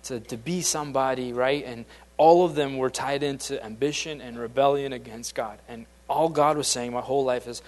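A man's voice: medium pitch, moderate pace, a little mellow. Man preaching a casual, chatty sermon. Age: adult, beyond his late teens. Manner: conversational, repetitive restarts, acts out quoted voices. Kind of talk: informal sermon.

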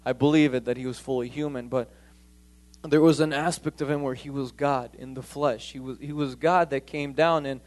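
A man's voice: medium pitch, fairly even intonation, normal speed. A man preaching a conversational sermon, emphatic and repeating key points.

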